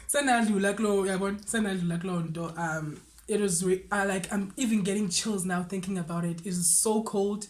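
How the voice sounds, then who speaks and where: A young woman with a South African Xhosa accent, telling a personal story in a casual, animated way. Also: medium pitch, moderate pace. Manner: switches between English and Xhosa, animated retelling.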